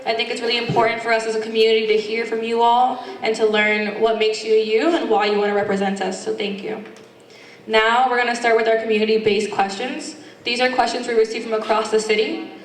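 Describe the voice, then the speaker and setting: A woman hosting a candidate forum, speaking in a warm, conversational way. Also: fairly high pitch, flat delivery, a little fast. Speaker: forum host. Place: community meeting hall. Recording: echoey hall from far off.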